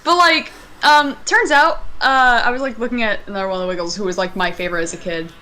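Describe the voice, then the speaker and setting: A woman's voice: fairly high pitch, steady tone, quick pace, bright, forceful tone. A young woman from Maine chatting casually and swearing freely while streaming a game. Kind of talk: casual chat while gaming. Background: game music.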